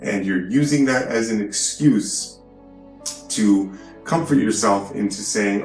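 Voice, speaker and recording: A man's voice: on the low side, a little slow, roomy sound, soft background music. A man hosting a vlog from a hotel room, lecturing emphatically and often asking "right?". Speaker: video host. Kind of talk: preachy vlog monologue.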